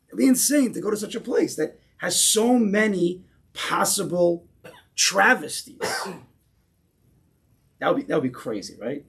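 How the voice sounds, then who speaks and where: A man with an American accent, a rabbi leading an interactive Torah class for a small group, animated and full of questions. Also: fairly high pitch, creaky, slightly rough. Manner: animated, questioning, keeps pausing listeners. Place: synagogue room with a small group.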